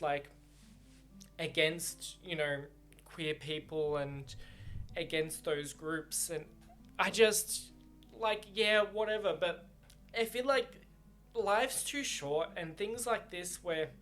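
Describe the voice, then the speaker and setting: Emotional man reading and ranting. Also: fairly high pitch. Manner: animated and ranting, swears freely, talks in fits and starts. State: choked up, near tears. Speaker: book reaction vlogger. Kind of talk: reading a novel aloud and reacting.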